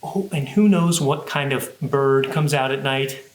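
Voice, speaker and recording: A man's voice: medium pitch, unhurried, roomy sound. A man who is a children's librarian, leading a cheerful sing-song music and movement session for young kids.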